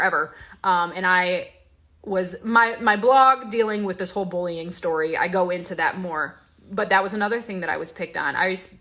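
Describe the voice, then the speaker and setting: Bright-voiced young woman, confiding vlog talk. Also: lowish voice. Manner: emotional, confiding, rambling with many fillers. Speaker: host.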